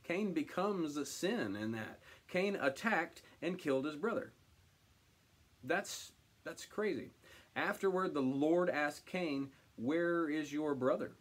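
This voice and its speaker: A man leading a casual Bible study, reading scripture aloud and commenting on it in an animated, conversational way. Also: on the high side, takes it slowly, breathy edge. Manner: animated, paraphrasing God's words in a direct conversational voice.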